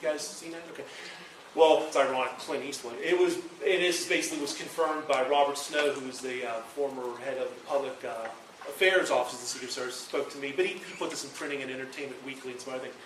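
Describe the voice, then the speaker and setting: A man giving a university presentation, telling a rambling, animated story full of quoted dialogue. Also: medium pitch, quick pace, slight background noise. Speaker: lecturer. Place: university lecture hall. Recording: echoey room from far off.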